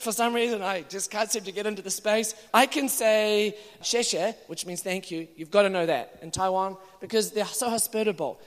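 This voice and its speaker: High-voiced preacher man in an echoing hall. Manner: animated storytelling with playful asides. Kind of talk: sermon. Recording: long hall reverb.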